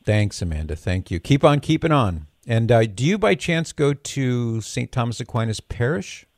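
A man's voice: mid-range voice, big pitch swings, normal speed, no echo, studio quality. An older man hosting a radio call-in show, chatty and joking with a lightly sarcastic edge. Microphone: studio microphone.

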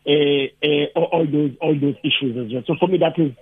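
A South African man, a lecturer and activist, talking haltingly with many restarts as a radio guest. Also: fairly high pitch, breathy edge. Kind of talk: radio phone-in discussion. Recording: tinny phone line.

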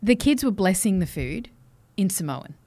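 Woman, 30s, podcast co-host; animated storyteller. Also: mid-range voice, moderate pace. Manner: animated storyteller, acts out quotes, swears. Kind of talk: casual chat.

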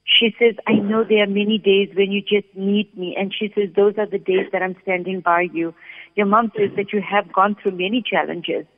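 Steady-toned psychic medium woman, phone-like. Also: medium pitch, moderate pace. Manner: calm, steady, relays messages in first person. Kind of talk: radio psychic reading. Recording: phone-like sound with long reverb.

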